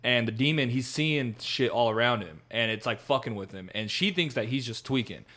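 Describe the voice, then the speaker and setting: A man's voice: medium pitch, normal speed. Young man telling a story with swearing. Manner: animated storyteller acting out scenes with heavy swearing. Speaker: podcast co-host. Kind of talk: casual chat.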